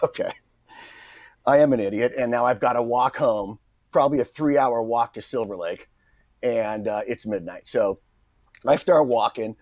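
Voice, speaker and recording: A middle-aged man, a guest actor, tells an anecdote and animatedly acts out the voices of the people in it. His voice sits at a medium pitch, and the recording is dry.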